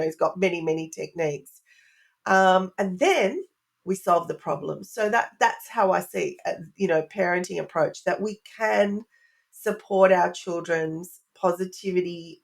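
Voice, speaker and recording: A woman's voice: mid-range voice, creaky. Earnest woman explaining parenting ideas. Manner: earnest, explanatory, strings of rhetorical questions. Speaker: parenting expert guest. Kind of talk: podcast interview answer.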